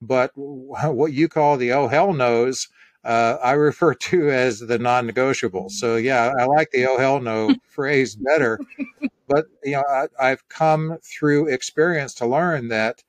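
A middle-aged man, speaking in a dry, close recording. He tells stories at an unhurried pace and reflects on them, with a laugh here and there. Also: mid-range voice, no echo. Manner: reflective, storytelling, easy laughs. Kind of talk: casual conversation.

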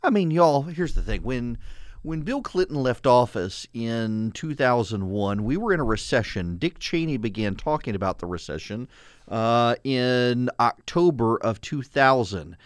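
Sarcastic radio host, lively pitch. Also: male voice, measured pace, dry recording, studio quality. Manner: sarcastic, animated, laughs at his own jokes. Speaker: radio talk show host. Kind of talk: conservative talk radio monologue. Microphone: studio microphone.

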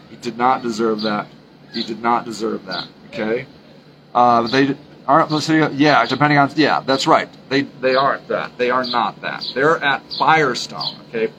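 A man's voice: mid-range voice, a bit bright, a little hiss or hum, rough recording. A man hosting a solo podcast, talking earnestly and emphatically, often repeating his points and restarting sentences. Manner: halting, frequent restarts. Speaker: podcast host.

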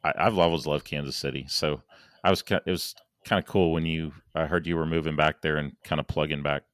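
Very deep-voiced man, halting and dry. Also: fairly even intonation, clean tone, dry recording. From Saint Louis, USA. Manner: halting, many restarts and fillers. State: losing his voice. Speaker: guest, engineer and planner. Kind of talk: casual podcast conversation.

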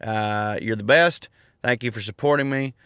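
A man's voice: on the low side, normal speed, fairly bright tone, clean tone, no room sound, studio quality. A man in his thirties with a Southern accent, joking and rambling through a casual outdoor monologue as a podcast host. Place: outdoors in a park.

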